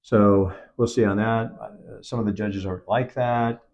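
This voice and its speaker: A man's voice: on the low side, fairly even intonation, measured pace, a little mellow, dull audio. A man, a film producer, talking in an on-set interview and acting out quoted dialogue as he tells his story. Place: event set.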